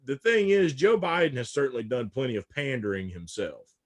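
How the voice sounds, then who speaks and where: A political commentator talks politics in a casual podcast discussion, his medium-pitched male voice animated and a little fast. He's emphatic and often repeats a word several times before getting going.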